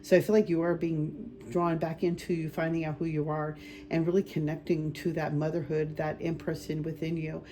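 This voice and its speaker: A woman's voice: sits low, level tone, moderate pace, mellow, slight background noise. A woman doing a group card reading as a spiritual medium, talking casually and rambling with many fillers and restarts.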